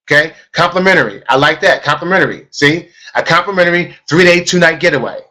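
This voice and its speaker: A man's voice: a little high, fast talker, bright, forceful tone. A man teaching a live online sales webinar as a trainer, talking emphatically and repeating key phrases for stress.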